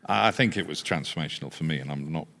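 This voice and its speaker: A very deep male voice with a posh English accent. He tells stories in a relaxed, anecdotal way, laughing often and swearing freely. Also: quick pace, gravelly. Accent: posh English, not typical Yorkshire. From England. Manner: storytelling with frequent laughter and swearing. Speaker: podcast guest, business founder. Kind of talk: casual anecdotal chat.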